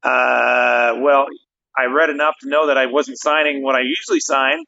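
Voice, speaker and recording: A man co-hosting a casual livestream chat, telling stories in an animated way and laughing often. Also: medium pitch, normal speed, gravelly, muffled recording. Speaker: podcast co-host, real estate investor.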